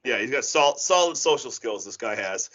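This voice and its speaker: A man casually retelling a horror film's plot on a podcast, rambling and animated with lots of filler words. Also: medium pitch, normal speed. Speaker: podcast co-host recapping a horror film. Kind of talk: casual chat. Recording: dull lo-fi podcast audio.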